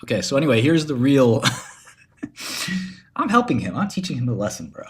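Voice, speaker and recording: A man's voice: medium pitch, big pitch swings, moderate pace. A man with a mid-range voice chats casually on a livestream. He rambles, curses freely, and leans into mock-menacing storytelling. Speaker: streamer.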